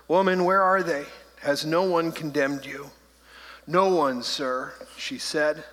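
A man's voice: on the high side, a bit bright. A man preaching a sermon as pastor, conversational and playful, slipping into joking voices. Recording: long hall reverb.

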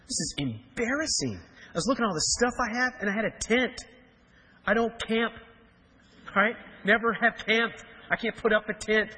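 Pastor, man in his forties, from Kansas, sermon storytelling, bright forceful tone, a bit husky. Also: high voice, normal speed, long pauses. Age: 40s. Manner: animated storytelling, jokey asides. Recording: reverberant hall.

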